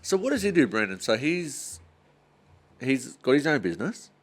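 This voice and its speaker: A man's voice: medium pitch, very animated, moderate pace. An Australian man co-hosting a podcast in laid-back casual chat, telling yarns and laughing at his own stories. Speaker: podcast co-host.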